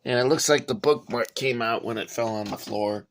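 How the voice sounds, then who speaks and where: A man's voice: medium pitch, moderate pace, gravelly. A man casually reviewing a toy gun model for his viewers, rambling with frequent fillers and chatty asides to "guys". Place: cramped home workspace.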